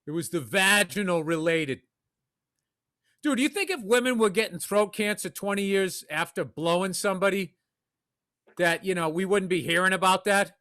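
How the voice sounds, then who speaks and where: A man's voice: high voice, normal speed, bright, forceful tone. A man co-hosting a casual comedy podcast, talking in a blunt, profane, joking way. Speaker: podcast co-host.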